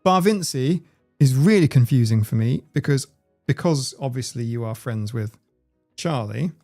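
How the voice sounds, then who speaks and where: A man's voice: medium pitch, animated, moderate pace, mellow, soft background music. A man, hosting a casual livestream and reading out viewers' comments in a chatty, playful way. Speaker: livestream host.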